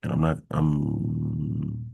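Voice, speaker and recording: Male workshop host, very low and gravelly, husky tone, talks through his screen in a halting, exasperated way. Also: completely flat delivery, highs cut off. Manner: thinks aloud, halting with fillers, mildly exasperated. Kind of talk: casual screen-share coding walkthrough.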